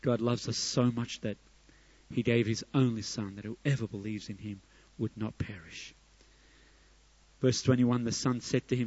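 A middle-aged man preaching a sermon, his voice swelling to loud emphatic peaks and then dropping soft. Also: mid-range voice, normal speed, no echo, lo-fi sound. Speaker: pastor.

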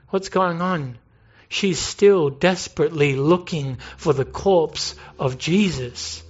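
A man's voice: fairly high pitch, slow, slightly rough, dull audio. A man preaching a sermon in an earnest way, asking rhetorical questions and building emphasis. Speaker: pastor.

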